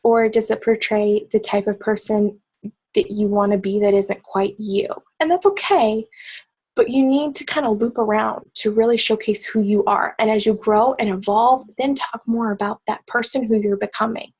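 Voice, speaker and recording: Woman coach, husky, kept low and soft, casual team-call pep talk. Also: fairly even intonation, normal speed, rough recording. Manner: talking softly and low to keep quiet.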